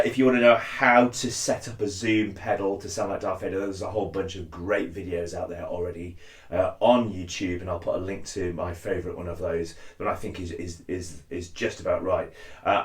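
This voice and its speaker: Low-voiced man in a roomy space. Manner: friendly, self-effacing, with frequent "uh" fillers and restarts. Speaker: cosplay tutorial host. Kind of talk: casual tutorial talk. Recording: roomy echo.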